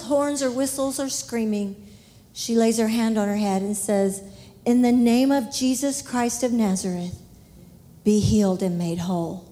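High-voiced animated woman preaching. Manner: animated, laughing often, rising high when excited. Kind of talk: sermon storytelling.

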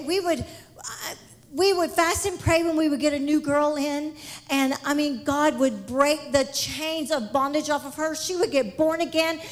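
High, exuberant woman testifying. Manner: exuberant, shouts praise, laughs often. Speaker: missionary giving a testimony. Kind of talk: lively church testimony.

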